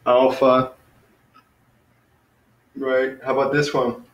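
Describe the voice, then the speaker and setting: A man leads an informal online class, wandering through his points with frequent fillers and restarts. His voice sits in an ordinary middle pitch. The room around him sounds echoey. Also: completely flat delivery, slow, dull audio. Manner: rambling, lots of fillers and self-corrections. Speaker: teacher.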